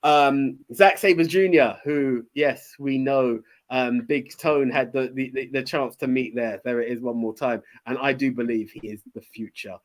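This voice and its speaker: A man's voice: medium pitch, fairly even intonation, unhurried, hardly any pauses. A man, hosting a podcast in casual, enthusiastic chat with many fillers and restarts. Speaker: podcast host.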